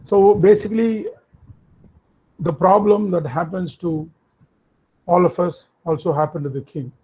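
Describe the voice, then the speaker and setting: A man, a workshop instructor telling an anecdote in a lecture with lively asides. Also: high voice, unhurried, breathy edge, highs cut off. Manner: animated anecdotal storytelling with asides. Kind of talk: lecture storytelling.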